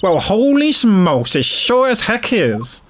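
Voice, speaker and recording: A man voicing a folksy, nosy Southern woman, reading her game lines slowly in a put-on drawl. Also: high-pitched, big pitch swings, a little hiss or hum, pitched above the performer's own voice, exaggerated voice. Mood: surprised. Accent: put-on American Southern. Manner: drawling, slow, folksy slang.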